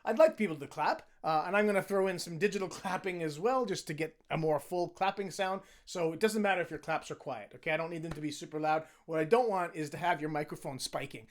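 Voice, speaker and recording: A man in his middle years leads a choir through its parts, his voice sitting high and worn rough from cheering. He talks casually and pokes fun at himself between sung demonstrations. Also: fast, hardly any pauses. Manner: chatty and self-deprecating, sings phrases to demonstrate. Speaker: choir director. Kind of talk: conducting instructions for a choir.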